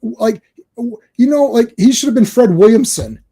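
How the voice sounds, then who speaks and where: A man co-hosting a casual podcast chat, talking in an animated, ranting way and laughing often. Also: very high voice, normal speed, slightly rough. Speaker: podcast co-host.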